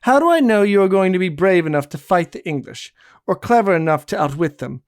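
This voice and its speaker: A man's voice: high voice, animated, fairly quick, no room sound, clean studio sound, pitched above the performer's own voice. A man voicing a proud, teasing young woman in a storybook reading. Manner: playful, commanding.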